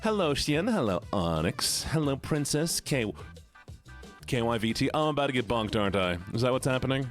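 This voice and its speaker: A male livestreamer with a medium-pitched, lively voice that bounces and swoops greets his viewers one by one. Playful and teasing, he stretches out his hellos in a relaxed chat as soft music plays faintly beneath.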